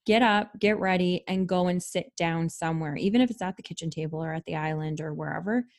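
Lady cohost, lowish voice, chatty advice with lots of ums. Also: brisk. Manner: chatty, advice-giving, frequent fillers. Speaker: podcast co-host. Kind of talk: casual chat.

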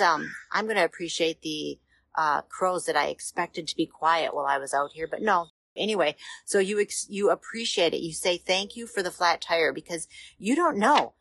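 A woman hosting a motivational podcast, talking in a gentle, reassuring, conversational way with small pauses and fillers. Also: lowish voice, no echo. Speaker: podcast host.

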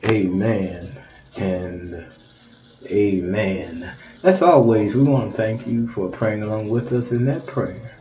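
Exuberant lo-fi preacher host. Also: male voice, medium pitch, animated, moderate pace, mellow. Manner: exuberant, repeats phrases, laughs. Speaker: radio ministry host. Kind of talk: prayer and donation appeal. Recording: dull lo-fi audio.

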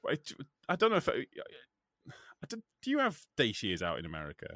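A man co-hosting a podcast in casual chat, animated, laughing often and swearing freely. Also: mid-range voice, a little fast, no room sound. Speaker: podcast co-host.

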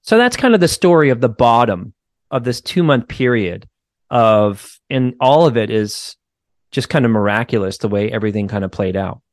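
A man with a light Boston accent tells his story in an easy, animated way, peppering it with "like" and "you know". His voice sits in a middle register and is recorded dry and close. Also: mid-range voice, normal speed, no room sound. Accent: faint Boston. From Boston area, United States. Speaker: guest therapist. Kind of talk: casual podcast conversation.

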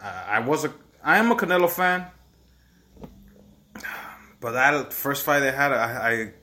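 A man's voice: mid-range voice, expressive, unhurried, bright, forceful tone. A young man co-hosting a podcast in casual chat, rambling and repeating words, livening up when he recalls past fights. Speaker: podcast co-host.

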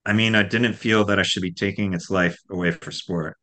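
A thoughtful son speaks haltingly and sincerely, quietly explaining a choice he feels deeply about. The voice sits very low and plain, as in a storybook reading, voiced by the man who wrote it. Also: fairly even intonation. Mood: earnest. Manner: hesitant, earnest. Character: thoughtful young son, hesitant and earnest. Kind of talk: reading aloud from a novel.

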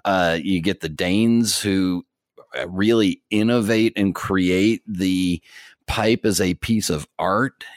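A man's voice: sits low, slow, no room sound, studio quality. A man talking as a pipe tobacco expert on a podcast, rambling with restarts and fillers. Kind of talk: casual podcast chat.

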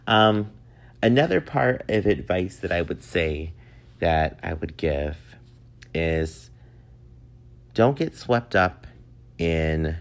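A man in his thirties hosting a solo podcast, chatting in a rambling, easygoing way and laughing often. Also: deep voice. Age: 30s. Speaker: podcast host. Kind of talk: casual solo podcast monologue.

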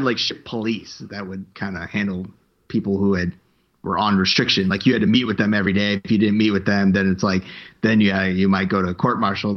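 A man's voice: lowish voice, highs cut off. A man casually telling a rambling, profane story, raising his voice to act out what others said. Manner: rambling, profane, acts out quotes in a raised voice.

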